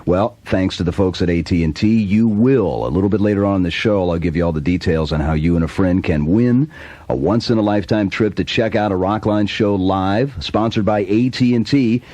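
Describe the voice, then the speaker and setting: A man's voice: sits low, a little fast, warm tone. A man hosting a radio call-in show, reading promos and introducing callers in an upbeat announcer style. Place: radio studio.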